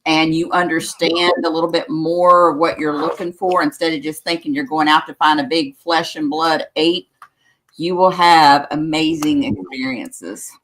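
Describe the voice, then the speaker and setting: Earnest low-voiced woman chatting. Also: fairly even intonation, normal speed, fairly bright tone, low-quality recording. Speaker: paranormal guest. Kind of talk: casual chat.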